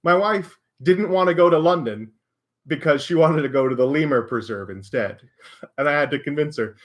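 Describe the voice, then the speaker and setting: An American man at a mid-range pitch, hosting a casual live stream Q&A. He talks in a loose, chatty way and laughs often at his own stories. His humor is self-deprecating. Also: a little fast. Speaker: maker and live stream host.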